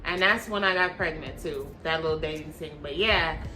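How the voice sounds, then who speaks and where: Bright, blunt woman telling a story. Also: low-pitched, moderate pace. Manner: blunt, animated storytelling with swearing and slang. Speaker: vlogger. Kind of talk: storytime chat to camera.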